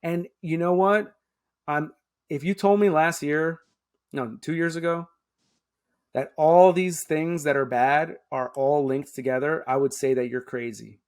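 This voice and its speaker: Fairly high in pitch, measured in pace and a little mellow, the voice belongs to a man in his 30s from Queens, New York. He's a public affairs officer guesting in a conversational interview, making emphatic points and checking in with "right?"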